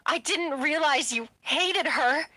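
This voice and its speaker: A woman's voice: high-pitched, slow pace, sharp tone, dry recording, voice pushed up, heavily acted. A woman voicing a hurt young male werewolf who pleads tearfully.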